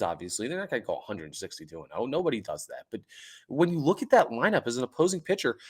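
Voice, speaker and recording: A man hosting a sports podcast, talking excitedly and emphatically, repeating points for emphasis. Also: medium pitch, quick pace, husky. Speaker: podcast host.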